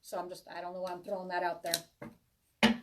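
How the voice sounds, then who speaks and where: A woman's voice: fairly low pitch, completely flat delivery, moderate pace, distant mic, very noisy. A woman giving a live tarot reading to viewers, chatty and reassuring, rambling with many restarts. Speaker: tarot reader.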